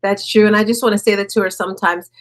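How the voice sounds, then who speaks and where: A woman hosting an online motivational session, talking fast and with energy, and she grew up in the North. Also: mid-range voice, steady tone. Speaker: host. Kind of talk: motivational group talk.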